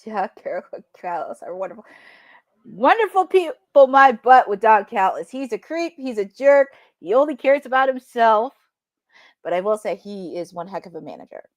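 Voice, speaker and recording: Lively, chatty woman host. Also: medium pitch, fairly quick, no echo, clean studio sound. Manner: chatty, excitable, laughs often. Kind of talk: live wrestling watch-along commentary.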